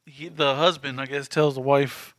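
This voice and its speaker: Bright-voiced male podcast co-host. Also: medium pitch, fairly even intonation, dry recording. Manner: quick, chiming-in banter. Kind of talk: casual chat.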